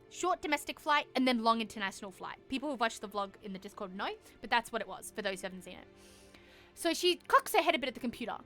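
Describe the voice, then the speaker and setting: Bright high-voiced woman. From Australia. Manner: animated, swears freely, acts out both sides of the story. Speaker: streamer. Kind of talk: casual storytelling to stream chat.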